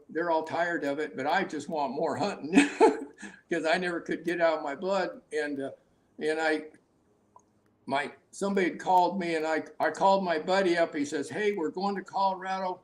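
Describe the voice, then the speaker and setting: High-voiced older man telling hunting stories. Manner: rambling, laughs often, many restarts. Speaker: hunting guide, guest. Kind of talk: casual storytelling interview.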